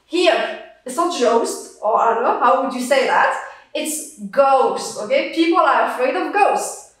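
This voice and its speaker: A woman teaching an English lesson, who speaks slowly and patiently and repeats each word so it can be drilled. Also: high-pitched, lively intonation, fairly bright tone. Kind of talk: classroom lesson explaining pronunciation. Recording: echoey room, voice from a distance.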